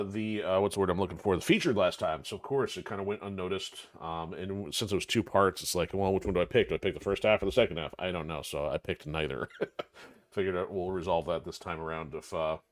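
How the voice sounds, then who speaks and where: A middle-aged man from Michigan hosting a live stream in casual chat, rambling and correcting himself with lots of fillers. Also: sits low. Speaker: streamer host.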